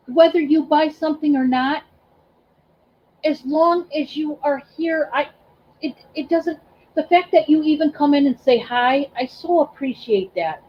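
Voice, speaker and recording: On a casual livestream, a high-voiced woman who resells items gushes warmly to her chat, emotional and effusive as she thanks people by name. Her speech is halting, packed with ums and restarts, and the recording is slightly dull and lo-fi.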